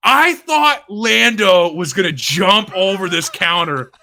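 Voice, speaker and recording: A man's voice: high-pitched, takes it slowly. A young man with an East Coast accent, co-hosting a podcast and telling a story in a casual, profane, laughing way. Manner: animated, profane, laughing often. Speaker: podcast co-host.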